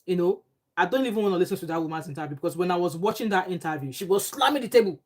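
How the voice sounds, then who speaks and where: Animated Nigerian woman vlogging. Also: on the low side, brisk, husky. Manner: animated, emphatic and indignant, with pidgin phrases. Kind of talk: casual commentary. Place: home abroad.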